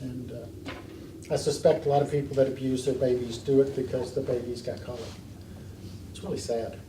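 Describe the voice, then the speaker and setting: A man with a warm, medium-pitched voice and level tone leads a parenting class in a church meeting room, speaking briskly. He lectures earnestly, telling stories and stressing points emphatically. Captured from afar in an echoey room, the audio carries faint hiss.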